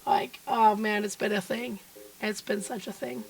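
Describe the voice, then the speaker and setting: High-voiced hoarse woman chatting on stream. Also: unhurried. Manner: chatty and upbeat, greeting viewers by name. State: hoarse, froggy voice from being sick. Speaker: quilt designer and live streamer. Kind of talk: casual live-stream chat. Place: home basement studio.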